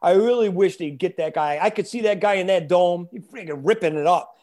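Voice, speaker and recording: A man co-hosting a casual sports talk show, animated and keeping the segments organized. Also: high-pitched, brisk. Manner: animated, runs the segments with a notebook. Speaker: podcast co-host.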